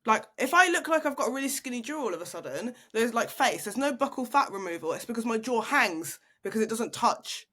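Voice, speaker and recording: A woman's voice: fairly high pitch, lively intonation, fairly quick, hardly any pauses, a bit bright. Chatty woman in her twenties. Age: 20s. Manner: chatty, laughs often, self-mocking. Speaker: podcast co-host. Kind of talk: casual chat.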